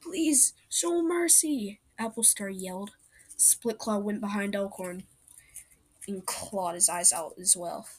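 A woman's voice: mid-range voice, fairly even intonation, a little slow. Young woman reading a cat story. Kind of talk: first-person story reading.

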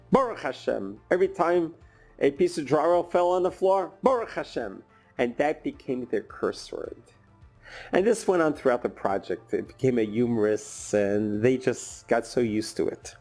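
Storytelling rabbi, man, soft music behind. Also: medium pitch. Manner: lively storyteller, acts out quoted voices. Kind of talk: storytelling sermon.

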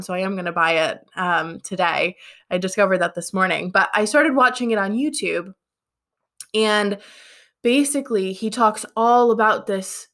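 A woman's voice: mid-range voice, fairly bright tone. A woman business coach talking casually to her viewers, chatty and self-deprecating, with lots of fillers. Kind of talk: casual motivational talk to viewers.

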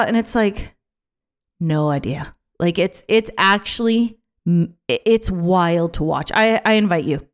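A woman talking casually on her own podcast, chatty and animated, with many fillers and restarts, sometimes acting out other people's voices. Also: on the low side, measured pace. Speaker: podcast host. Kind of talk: casual solo podcast talk.

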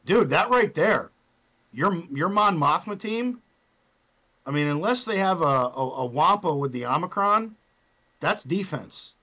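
A man's voice: on the high side, lively intonation, unhurried, pushed and bright, rough recording. A man hosting a podcast, casually coaching a guest through his game with loose, profane instructions. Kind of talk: casual chat.

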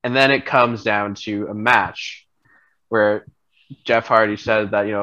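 A lower-pitched man with a bright, forceful tone walks through a made-up storyline in casual podcast chat. He rambles and restarts as he goes, and his voice is a little dull on a lo-fi mic. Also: measured pace. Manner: rambling, animated storyteller, laughs often. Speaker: podcast co-host.

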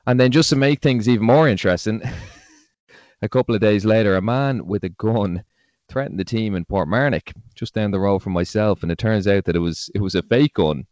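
An Irish man with a deep, smooth voice co-hosting a podcast. He tells past events in a relaxed, steady way. The sound is dry and dull, as on a lo-fi recording. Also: fairly quick, dry recording. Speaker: podcast co-host. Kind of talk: casual podcast chat.

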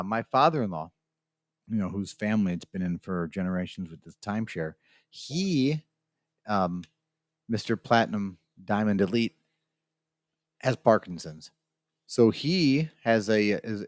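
This podcast co-host is a man with a lowish, darkish voice who speaks in an animated yet unhurried way. He wanders through a casual anecdote and plays the characters in it. The studio-mic recording is clean, with no room sound.

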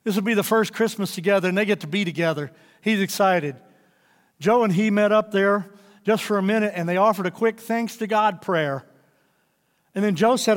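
A man, a pastor, telling a story and praying in an earnest, emphatic sermon in a large church auditorium. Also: high voice. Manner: earnest, emphatic preaching with drawn-out phrases. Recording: long hall reverb with faint music.

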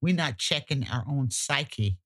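A woman co-hosting a podcast, talking emphatically and colloquially, sometimes cussing, her pitch jumping high when she gets worked up. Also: animated, a little slow. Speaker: podcast co-host. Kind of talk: casual podcast chat.

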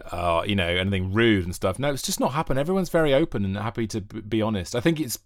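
A man's voice: lowish voice, lively intonation, quick pace, no echo, studio quality. A man, a podcast host, chatting as an interview guest and telling rambling, enthusiastic anecdotes.

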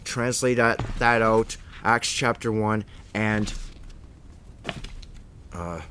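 A man's voice: fairly low pitch, extremely slow, sharp tone, slight background noise. A man teaching the Bible in an informal, emphatic way, rambling with restarts and asides.

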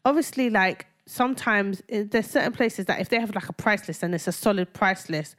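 A woman co-hosting a casual podcast chat. She talks animatedly and sounds exasperated, and her voice climbs high whenever she quotes someone. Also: brisk. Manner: animated, exasperated, jumps higher when quoting. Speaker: podcast co-host.

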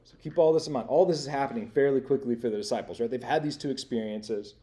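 A young campus minister talks fast in a dark-toned, medium-pitched voice. His sermon to students is conversational and interactive, with questions aimed at the audience and lots of "like" and "right?"

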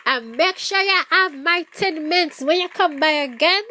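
A woman's voice: very high-pitched, unhurried, bright, forceful tone. A woman hosting a podcast solo, chatting playfully and telling stories straight to her listeners. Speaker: podcast host. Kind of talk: casual solo podcast chat.

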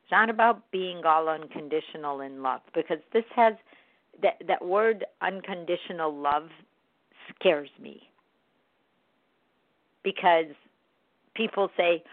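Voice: mid-range voice, slow, long pauses, no echo. A speaker giving an earnest, reflective monologue on forgiveness, walking through how to apologize. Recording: tinny phone-like line, dry.

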